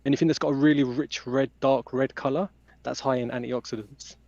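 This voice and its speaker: A man's voice: medium pitch, fairly even intonation, fairly quick, gravelly, a little mellow, dry recording. A man, a podcast guest, explaining health matters at length in casual chat. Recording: dry, dull lo-fi sound.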